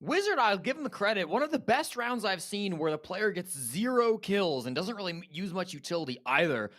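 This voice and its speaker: A man's voice: sits high, big pitch swings, brisk, a bit bright. A man giving esports color commentary, breaking down plays in a conversational, analytical way.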